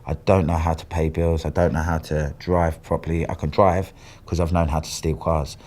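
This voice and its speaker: A man with a very low, monotone voice recounts his past in an interview. He speaks bluntly and plainly. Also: normal speed. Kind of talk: personal storytelling interview.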